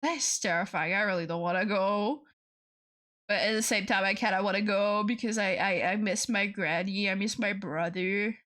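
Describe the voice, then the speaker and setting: A young woman with a French accent chatting casually on a stream, swearing a lot, laughing often and repeating herself when she gets excited. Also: mid-range voice, moderate pace. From France. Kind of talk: casual chat.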